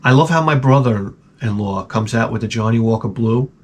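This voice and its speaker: A man hosting his own channel, telling a rambling comic story with lots of swearing and loud mouth sound effects. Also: medium pitch, normal speed, slightly rough. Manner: animated, profane, with loud sound-effect imitations. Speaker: channel host. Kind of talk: rambling comedic monologue.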